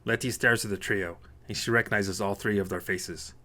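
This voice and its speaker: A man narrating an action novel as an audiobook in a steady, plain reading. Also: lowish voice, normal speed.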